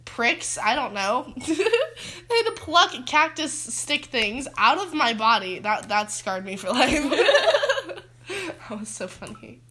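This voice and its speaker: A teenage girl with a high, bright voice tells childhood stories in casual chat. Her pitch swoops widely as she talks. She giggles often, right in the middle of her sentences. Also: very animated, slow. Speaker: podcast co-host.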